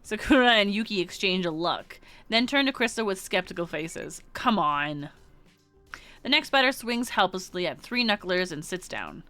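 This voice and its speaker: A woman streamer reads a visual novel aloud in a casual, giggly way. Her voice is bright and forward, with soft game music under it. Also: medium pitch, expressive, normal speed.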